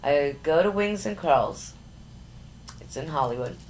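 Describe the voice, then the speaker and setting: A middle-aged woman, a psychic guest in an interview, telling a story with lively energy. She stumbles and repeats words as she goes. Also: low-pitched, unhurried, slight background noise, low-quality recording. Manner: lively, stumbles and repeats words, acts out other people's voices.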